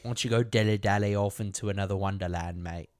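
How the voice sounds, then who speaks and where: A man's voice: medium pitch, steady tone, normal speed, no room sound, clean studio sound, natural voice. A man putting on an exaggerated fake British-Australian accent, playing a cheeky, mock-offended bloke who keeps saying mate.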